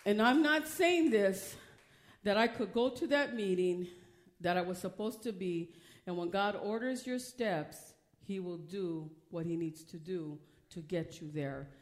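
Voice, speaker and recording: A woman preaching a personal testimony, swinging from hushed storytelling to loud, emotional preaching. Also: mid-range voice, measured pace. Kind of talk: testimony sermon.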